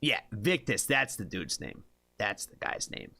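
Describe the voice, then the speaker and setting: Male reaction streamer from the US, slightly low, punchy tone, dry close sound, rambling chatty delivery. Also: very animated, measured pace, gravelly, bright, forceful tone, no room sound. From United States. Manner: rambling, filler-heavy, chatty with viewers. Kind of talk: casual live-stream chat.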